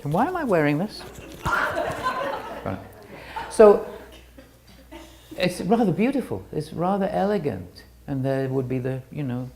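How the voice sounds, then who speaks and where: A woman's voice: deep voice, animated, measured pace, gravelly, pauses often, noisy background. A woman giving an illustrated talk with slides, explaining step by step and often restarting her sentences. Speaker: presenter.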